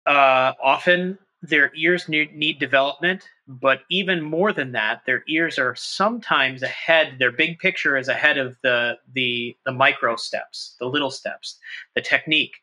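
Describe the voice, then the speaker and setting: A middle-aged man, a trumpet professor, talking through his ideas in an interview, animated and thinking aloud with quick restarts. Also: medium pitch, poor audio. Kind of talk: conversational interview.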